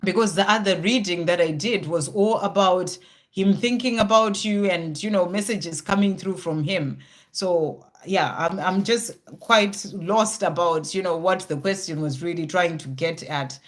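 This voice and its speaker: Live tarot reader, middle-pitched, reassuring, chatty fillers, thinks aloud between cards. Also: a little slow. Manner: reassuring, talks straight to the viewer with many "you know" fillers. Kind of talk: live card reading with viewers.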